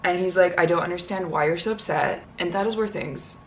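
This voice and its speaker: A woman's voice: lowish voice, fairly quick, a little hiss or hum. A young woman telling a personal story in a casual vlog, chatty and full of "like". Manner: chatty, heavy use of "like", quotes others in her own voice.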